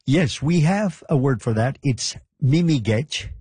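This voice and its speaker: A man's voice: mid-range voice, expressive, unhurried, mellow, breathy edge, no room sound. A man being interviewed, patiently explaining and repeating words from his language. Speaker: interview guest. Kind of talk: casual interview.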